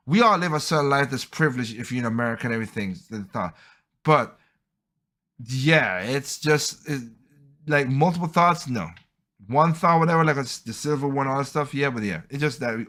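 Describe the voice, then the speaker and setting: A man's voice: mid-range voice, bright, forceful tone. A man hosting a podcast, talking casually in a rambling, opinionated way. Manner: rambling, opinionated, acts out quoted people. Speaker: podcast host.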